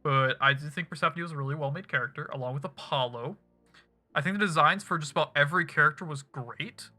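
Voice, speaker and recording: A man's voice: fairly high pitch, fast, bright, forceful tone. A man streaming a game, rambling casually and swearing freely as he wraps up his stream. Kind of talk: casual end-of-stream chat. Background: music playing in the background.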